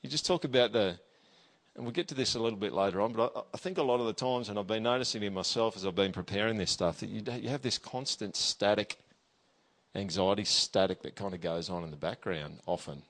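A pastor giving a sermon, reading scripture aloud with emphasis and talking to the listener in a conversational way with frequent tag questions. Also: male voice, fairly low pitch, brisk, fairly bright tone.

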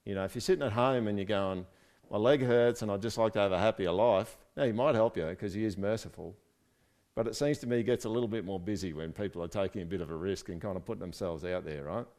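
Chatty man preaching a relaxed sermon. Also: sits low, quick pace. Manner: conversational, joking asides, checks in with "right?". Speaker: pastor. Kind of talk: casual sermon.

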